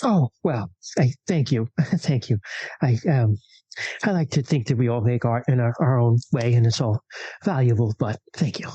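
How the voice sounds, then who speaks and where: A player voicing a flustered, polite young woman artist who stammers gratefully and excitably. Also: medium pitch, moderate pace, breathy edge, no room sound, lightly acted.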